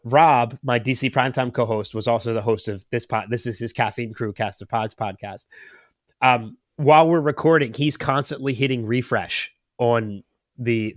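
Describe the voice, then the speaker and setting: A man's voice: mid-range voice, moderate pace, no echo, clean studio sound. A man in his late thirties, a podcast host telling a long story in casual chat, rambling and getting emotional. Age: 30s.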